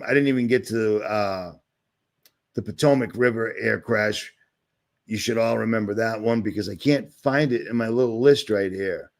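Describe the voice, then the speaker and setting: Speaking with vocal fry in a lowish register, a Boston man keeps his intonation fairly even and his pace moderate. He's hosting a livestream, sharing his screen and delivering a rambling, sarcastic, irritated rant.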